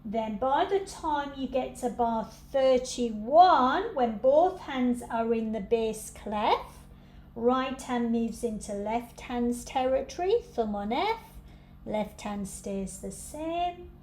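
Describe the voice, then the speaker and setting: A woman's voice: fairly high pitch, lively intonation, slow, a little mellow, a little hiss or hum. A woman teaching piano, giving patient step-by-step practice instructions.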